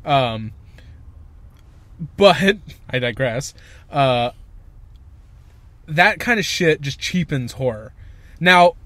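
A man's voice: medium pitch, animated, very slow, long pauses, sharp tone, no echo. A young man co-hosting a casual podcast, ranting emphatically and swearing a lot. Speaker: podcast co-host. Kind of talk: casual chat.

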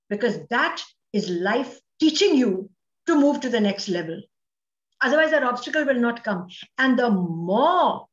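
Her high, ringing voice carrying an Indian English accent, a guest speaker delivers a motivational talk with dramatic emphasis. She weaves Hindi phrases into her English, and the recording sounds muffled, lo-fi, and echoey, as if in a large room.

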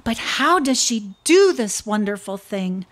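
A woman's voice: mid-range voice, very animated, a little slow. A woman voicing an amazed snake in a storybook reading, exclaiming with wonder.

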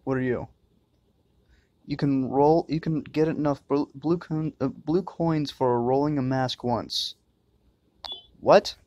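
A man's voice: medium pitch, a little slow, mellow, lo-fi sound, slight background noise. A man doing crude, joking commentary while playing a horror game, muttering and swearing to himself. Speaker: let's-play gamer.

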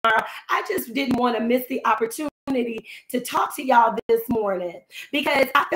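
Slightly hoarse, chatty woman livestreaming. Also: on the high side, moderate pace, echoey room, rough recording. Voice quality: slightly hoarse, losing her voice. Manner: chatty, animated, talks straight to viewers. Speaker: finance coach. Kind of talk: casual live stream chat. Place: at home, cutting flowers. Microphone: phone livestream.

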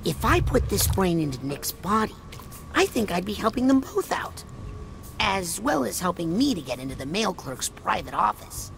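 A woman's voice: medium pitch, big pitch swings, moderate pace, vocal fry. Raz, an earnest young boy. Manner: earnest, matter-of-fact, kindly. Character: curious young psychic boy, earnest and polite. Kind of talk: video game voice acting. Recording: game audio with music behind.

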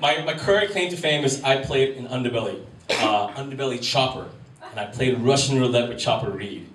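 A man's voice: medium pitch, lively intonation, a little fast, a bit bright. A man, doing a rambling, self-deprecating stand-up set in a comedy club. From Wisconsin, USA. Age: 30s. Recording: roomy live venue, distant mic, crowd ambience. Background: room noise and audience.

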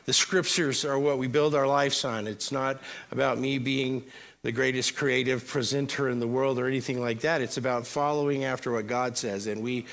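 A man's voice: medium pitch, fairly even intonation, moderate pace, a bit bright. A male pastor giving a sermon to his congregation, chatty and joking with asides to the crowd. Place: church service before a congregation.

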